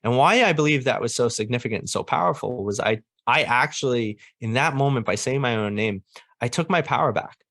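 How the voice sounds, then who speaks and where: A man's voice: mid-range voice, lively intonation, fairly quick, creaky, a bit bright, no echo, clean studio sound. A young man as a podcast guest, telling a personal story earnestly and animatedly, laughing often.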